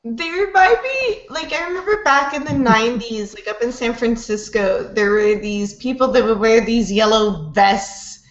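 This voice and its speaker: High, giggly woman in a roomy space. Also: measured pace, hardly any pauses. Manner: storytelling, giggly. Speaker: panel regular. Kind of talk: casual panel chat. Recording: roomy, dull lo-fi stream audio.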